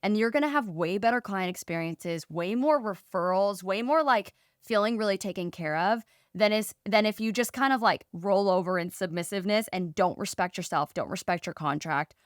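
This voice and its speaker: A woman's voice: medium pitch, moderate pace, few pauses, no room sound, clean studio sound. A woman co-hosting a podcast, giving casual advice and acting out conversations in quoted voices. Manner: animated, acts out quoted conversations. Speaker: podcast co-host.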